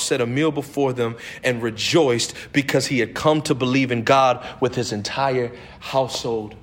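A man preaching a sermon, emphatic, laughing between phrases and swinging from low murmurs to high shouted emphasis.

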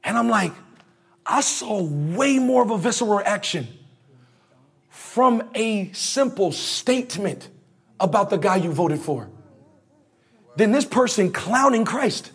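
A man's voice: high voice, animated, slow, pauses often, a bit bright, husky. A male preacher giving a conversational, slangy sermon, leading the congregation in call-and-response.

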